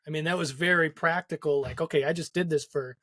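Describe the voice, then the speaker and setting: A man's voice: a little high, quick pace, sharp tone, dry recording. A young adult man hosting a casual interview, laughing often as he reminisces with an old mentor. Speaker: podcast host.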